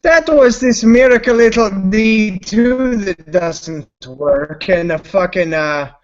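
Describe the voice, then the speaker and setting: Slow-paced and animated, a high-voiced man hosts a live stream while intoxicated, rambling loosely and swearing constantly. The audio comes from a computer mic and has a lo-fi online stream quality.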